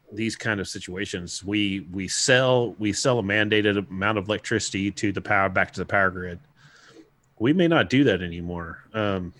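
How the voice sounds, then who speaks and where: A relaxed man co-hosts a podcast, talking in a fairly low voice. He chuckles as he goes and restarts his sentences often, and his voice sounds close and dry, with no room around it. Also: no room sound. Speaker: podcast co-host. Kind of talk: casual chat.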